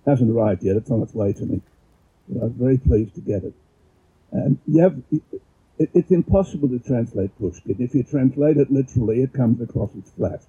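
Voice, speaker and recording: A man giving an informal explanatory talk and reading poetry aloud, halting and often repeating words as he goes, measured when he reads verse. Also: mid-range voice, lively intonation, warm tone, slightly rough. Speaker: presenter. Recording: dull lo-fi recording.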